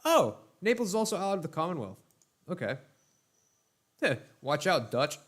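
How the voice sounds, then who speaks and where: A young man casually commentating his own strategy game playthrough for viewers, chatty and laid-back, talking to them as ladies and gentlemen. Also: on the high side, sing-song, normal speed. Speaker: let's play host.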